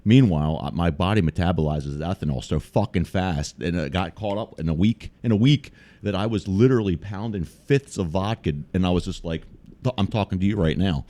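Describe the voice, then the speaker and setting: A man's voice: sits low, fairly quick, warm tone. An American man telling a trip story in casual, profane podcast chat. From United States. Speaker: guest storyteller.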